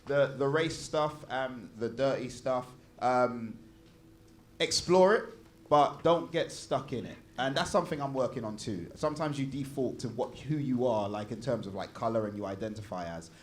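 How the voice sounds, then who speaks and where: A man's voice: medium pitch, normal speed. Guy giving feedback to a comic, laid back and rambly, ordinary voice. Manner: casual, rambling encouragement. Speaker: comedy judge giving feedback.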